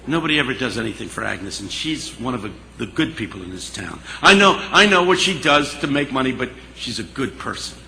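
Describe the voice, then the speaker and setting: A man voicing a warm-hearted woman cook, speaking earnestly and low in an echoey hall. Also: very animated, fairly quick, creaky, few pauses, slight background noise, heavily acted.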